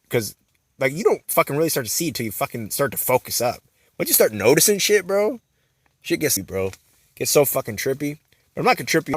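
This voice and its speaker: A man's voice: medium pitch, fairly bright tone, no room sound. A young man telling a rambling, profane story in a vlog, full of slang and fillers. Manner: rambling, profane, filler-heavy slang, says "bro" constantly. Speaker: vlogger.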